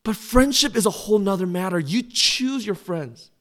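Man, pastor, sermon, earnest and pleading, fairly high voice, rises loud on key lines. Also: animated, moderate pace. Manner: earnest, pleading, swells louder on key phrases; drops to a soft, low close in prayer.

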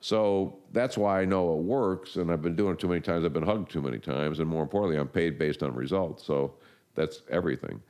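Older male interview guest, deep voice, casual and rambling. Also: brisk. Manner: rambling, animated storytelling with restarts. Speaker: marketing guest.

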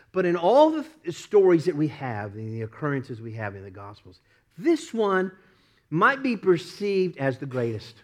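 Lively, animated male pastor preaching. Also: fairly high pitch. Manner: animated storytelling, acts out quoted voices, laughs often. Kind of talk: sermon.

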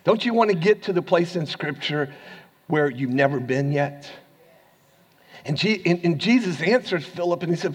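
A man with an American accent preaching a sermon as pastor, swinging from hushed asides to loud, rising lines and laughing often. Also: a little high, lively intonation, normal speed, husky, long reverb tail.

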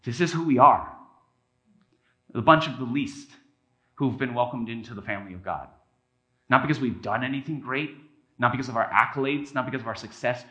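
A man preaching a sermon as a pastor in a casual, conversational way. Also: mid-range voice. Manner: conversational, animated, acts out quotes with a raised voice. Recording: echoey room.

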